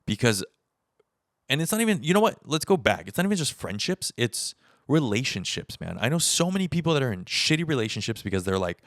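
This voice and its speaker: A man's voice: mid-range voice, very animated, a little fast, fairly bright tone, dry recording, studio quality. A man in his thirties hosting a solo podcast, talking candidly and rambling, swearing casually and acting out the conversations he recounts. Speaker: podcast host. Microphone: podcast mic on camera setup.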